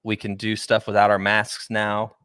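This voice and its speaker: A man's voice: fairly low pitch, completely flat delivery, normal speed, a crowd in the background. A young adult man co-hosting a podcast in casual, jokey chat, often trailing off mid-sentence. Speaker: podcast co-host.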